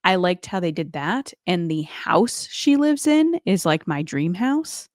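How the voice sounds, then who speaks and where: A female podcast co-host chats casually in a fairly low, slightly mellow voice that is expressive and unhurried. She says "like" a lot and quotes people with playful voices. The recording is dry and studio-clean.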